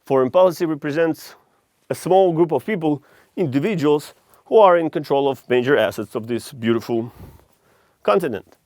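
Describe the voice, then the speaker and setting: A man's voice: on the high side, normal speed, a little mellow, no room sound. A man from Russia with a Russian accent, delivering a blunt, profane, heated monologue to camera as a vlogger.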